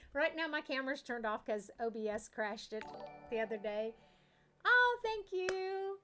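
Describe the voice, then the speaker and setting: A woman's voice: a little high, normal speed, music in the background. A middle-aged woman chatting casually with viewers while streaming a farm sim, laughing often and talking to the game animals. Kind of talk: casual live-stream chat.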